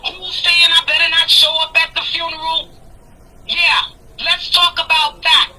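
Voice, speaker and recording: Defiant woman, blunt and profane, high and bright, on a slightly noisy call. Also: normal speed. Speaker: guest telling her side. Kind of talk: heated phone call storytelling.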